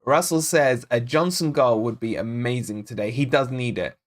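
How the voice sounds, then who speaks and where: With a mid-range voice at a moderate pace, a Scottish-born fan channel host leads a live football watch-along. He's excitable and talkative, calling out chat names and sharing viewers' comments and predictions.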